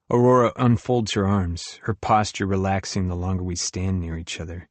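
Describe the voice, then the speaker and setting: A man narrates an audiobook in the first person with an even, reflective delivery. His voice sits a little low. The recording is dry and close, with no room sound. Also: normal speed, few pauses, no echo.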